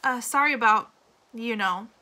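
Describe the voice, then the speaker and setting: A woman's voice: fairly high pitch, moderate pace, pushed and bright. A woman reading aloud and voicing a sheepish, awkward teenage boy.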